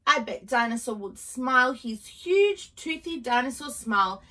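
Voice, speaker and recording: A woman reading a children's picture book aloud, in a gentle, expressive storytelling manner. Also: on the high side, a little slow, recorded from a distance, poor audio.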